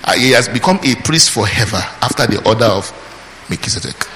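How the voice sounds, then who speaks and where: A man preaches an emphatic sermon, posing questions to the congregation, answering them himself, and calling out praise between points. His mid-range voice has lively intonation and a brisk pace, recorded with long hall reverb and faint background noise.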